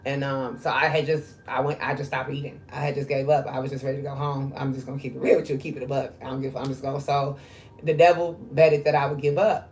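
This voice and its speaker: Low-voiced woman in her 40s, chatty and candid, real loose with the um's. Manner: candid and conversational, with frequent fillers. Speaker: spiritual reader. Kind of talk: casual spiritual monologue.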